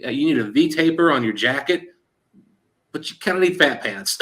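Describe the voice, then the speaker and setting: Bright-voiced man telling a story. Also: mid-range voice, moderate pace. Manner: animated storyteller quoting others in dialogue; frequent fillers like "like" and "he goes". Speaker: show host. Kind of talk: casual chat.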